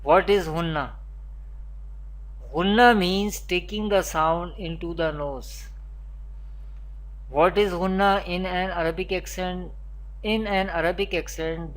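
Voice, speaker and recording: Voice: medium pitch, takes it slowly. A Quran teacher giving a beginner recitation lesson, naming letters one at a time and repeating spelling drills. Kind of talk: recorded beginner pronunciation lesson.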